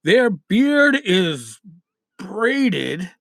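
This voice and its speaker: New guy podcasting, high voice, dry close sound, chatty and repeats himself a lot. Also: big pitch swings, drawn-out words, creaky, dry recording. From New York City. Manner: swings between loud emphasis and dropped asides. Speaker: podcast host. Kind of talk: casual advice monologue.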